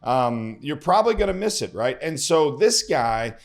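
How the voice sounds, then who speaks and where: A man's voice: medium pitch, sing-song, normal speed, gravelly. A man hosting a casual vlog, folksy and chatty, often repeating words as he goes. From Texas. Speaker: host, local lender. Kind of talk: casual vlog talk to camera.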